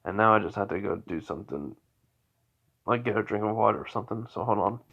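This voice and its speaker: A man's voice: fairly low pitch, quick pace, creaky, lo-fi sound, very noisy. A tired man casually telling an unscripted fan story, rambling and correcting himself with many fillers. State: tired, yawning.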